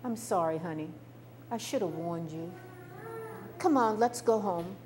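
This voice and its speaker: A woman playing a soft-spoken caring mother. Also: lowish voice, unhurried, slight background noise, natural voice. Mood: tender. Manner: soft, reassuring. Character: caring mother, quiet and steady.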